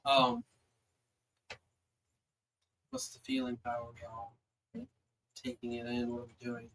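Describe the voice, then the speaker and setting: A man's voice: medium pitch, very animated, takes it slowly, fairly bright tone, slight background noise, rough recording. A man running a tabletop game as game master, narrating a battle in a loose way with many fillers.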